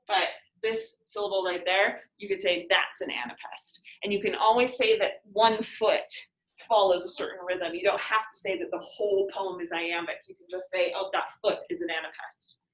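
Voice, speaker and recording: Bright-voiced woman teaching poetry. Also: medium pitch, reverberant, distant mic, poor audio. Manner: patient, sounds out words in sing-song rhythm. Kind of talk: casual poetry lesson with students.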